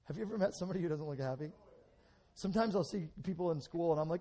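A middle-aged man preaching a lively sermon, swinging between loud and hushed, acting out bits of dialogue. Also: fairly high pitch, rapid-fire.

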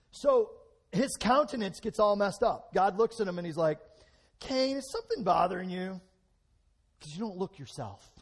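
A middle-aged man preaching a lively sermon, swinging between loud and hushed, acting out bits of dialogue. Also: fairly high pitch.

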